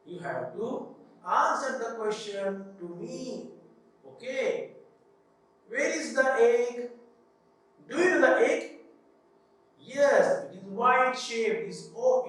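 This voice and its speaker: Male teacher, Pakistani English accent, slow patient classroom drill, voice set far back from the mic. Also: very high-pitched, lively intonation, a bit bright. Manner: slow, patient, asks questions then answers them himself. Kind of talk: classroom English lesson for children. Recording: very echoey room, voice from off-mic.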